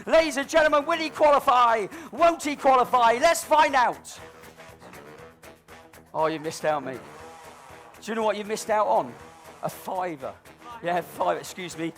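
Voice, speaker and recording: A man's voice: very high-pitched, animated, moderate pace, a bit bright, soft background music. A middle-aged man doing live stage comedy as a balloon performer, with cheeky, cajoling banter aimed at an audience volunteer.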